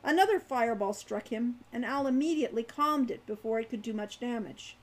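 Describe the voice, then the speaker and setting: Woman author, live novel reading, slightly high voice, animated narrator. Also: brisk.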